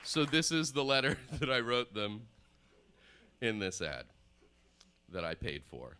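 A man in his thirties, from the former Soviet Union, doing deadpan, rambling stand-up comedy on stage at a live show. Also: mid-range voice, a little slow, pauses often. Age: 30s. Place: live performance space on stage.

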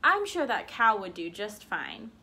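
A woman's voice: mid-range voice, very animated, unhurried, bright, forceful tone, full character voice. A woman voicing a blunt, matter-of-fact village butcher in a folktale.

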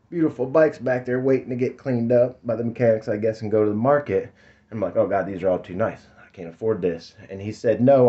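A man's voice: on the low side, a little mellow. Laid-back rambling man in his fifties. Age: 50s. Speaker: vlogger. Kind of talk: casual storytelling. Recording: dull lo-fi sound.

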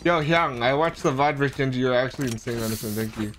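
Swearing male streamer over loud gunfire. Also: mid-range voice, fast, slight background noise. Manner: loud, swearing, frequently yelling in frustration. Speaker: game streamer. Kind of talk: casual gaming chat with teammates. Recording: loud gunfire game audio behind.

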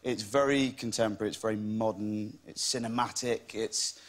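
A man's voice: on the low side, steady tone, moderate pace. A man, an actor guest on a talk show, speaking in a good-humoured way and often restarting his words. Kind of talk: chat show interview. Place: TV studio with audience.

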